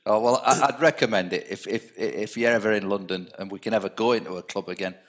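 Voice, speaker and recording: A man's voice: fairly low pitch, fast, a bit bright. A man in his sixties telling anecdotes in a casual chat, often restarting his sentences. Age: 60s.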